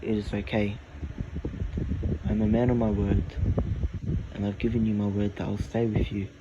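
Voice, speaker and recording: A man's voice: fairly low pitch, flat delivery, moderate pace, muffled recording, lightly acted. A man voicing a loyal, kind young man who keeps his word, in an earnest storytelling voice. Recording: loud air conditioning hum. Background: air conditioning.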